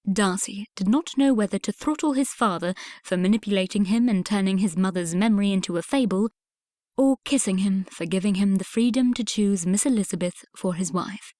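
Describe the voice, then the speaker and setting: A woman narrating a romance audiobook in an even, composed way, with a voice of middling pitch. The recording is close and dry, with no room sound. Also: brisk, dry recording. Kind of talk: scripted narration.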